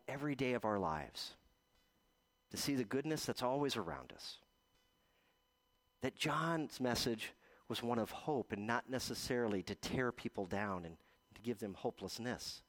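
As pastor, a man gives a gentle baptism sermon, telling stories with slow, drawn-out pauses. His voice sits in the mid-range, with lively intonation.

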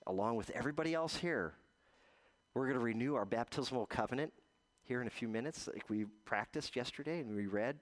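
A man preaching a gentle baptism sermon as pastor, telling stories with slow, drawn-out pauses. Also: mid-range voice.

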